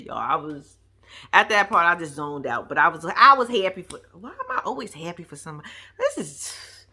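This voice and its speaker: A woman with giving a slangy, animated casual recap of a reality show, acting out the quotes. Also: mid-range voice.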